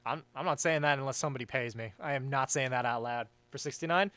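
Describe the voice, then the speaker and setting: A young man hosting a livestream, chatting casually and reading chat, rambling and swearing freely with a vaguely raspy edge. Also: mid-range voice, quick pace, few pauses, bright, forceful tone, no room sound. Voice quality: says his voice is vaguely raspy. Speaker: livestream host. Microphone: headset or desk mic with headphones.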